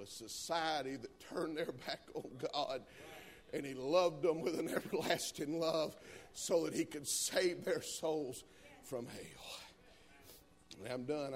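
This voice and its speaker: A man preaching a sermon, moving between calm storytelling and loud, fervent climaxes. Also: a little high.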